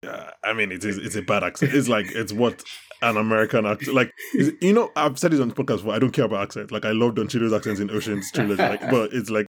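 Talking quickly in a voice on the low side with a breathy edge, this man hosts a podcast. The conversation is casual and animated, full of laughter and sentences he starts over.

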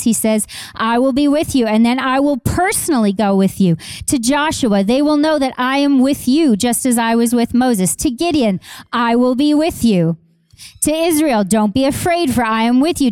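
Woman pastor, sermon delivery, fairly high voice with a warm, mellow tone, dry sound, repeats lines for emphasis. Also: clear, resonant tone, no echo. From Canada. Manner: passionate, repeats phrases for emphasis, conversational asides to congregation. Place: church.

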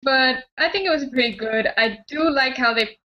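A woman with a bright, fairly high voice chats on a group podcast. She gives her opinions in a lively, chatty way. The sound is dull and lo-fi. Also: normal speed. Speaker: podcast panelist. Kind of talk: casual group discussion.

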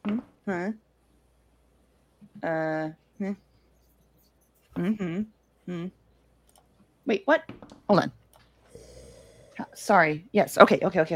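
A woman's voice: lowish voice, takes it slowly, long pauses. A woman playing a tabletop game, flustered and muttering to herself while counting up her rolls. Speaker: player. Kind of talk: casual chat at the gaming table.

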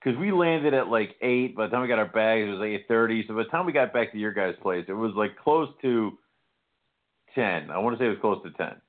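A man's voice: fairly low pitch, lively intonation, a little fast. A man in casual chat who laughs a lot and swears freely while chiming into a story. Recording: tinny phone-like sound.

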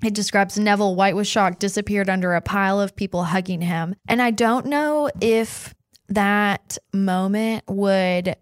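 A woman's voice: mid-range voice, unhurried, no echo. Enthusiastic woman chatting, dry sound. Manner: enthusiastic, giggly, many fillers. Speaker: podcast co-host. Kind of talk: casual book chat.

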